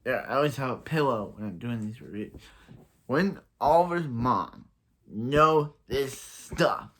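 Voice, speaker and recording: Man, casual show review, rambling recap, lots of fillers, mid-pitched voice. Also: animated, brisk. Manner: rambling, many fillers and restarts; laughs at own jokes.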